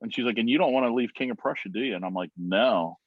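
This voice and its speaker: A man on a video call, telling a story in a rambling, animated way full of "like"s. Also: mid-range voice, rapid-fire, dry recording. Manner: rambling, animated retelling with many "like"s. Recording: muffled video-call audio.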